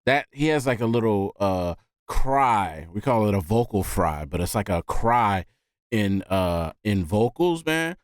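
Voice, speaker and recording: A man hosting a music reaction video, talking casually and excitedly and often saying "man". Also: fairly low pitch, a little slow, no room sound, clean studio sound. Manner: animated, often says "man".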